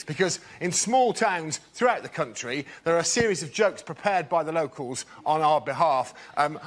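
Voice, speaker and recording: A man's voice: a little high, a bit bright. A man performing a stand-up routine on a comedy panel show, mock-indignant and theatrical.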